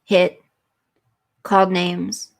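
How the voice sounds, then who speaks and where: A woman's voice: on the low side, little pitch movement, drawn-out words, gravelly. A woman hosting a live stream, chatting earnestly and emotionally with viewers and reading their comments.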